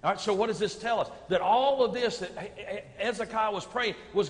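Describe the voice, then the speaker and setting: A man pastor preaching a sermon, swinging from hushed, low lines to loud, booming peaks. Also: animated, a little fast, few pauses. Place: church sanctuary. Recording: long hall reverb from a sanctuary.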